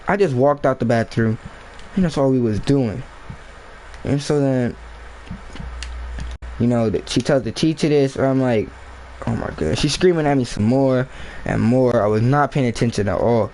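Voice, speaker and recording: Casual vlogger man, rambling and slangy storytelling, mid-pitched. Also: darkish tone, a little hiss or hum, low-quality recording.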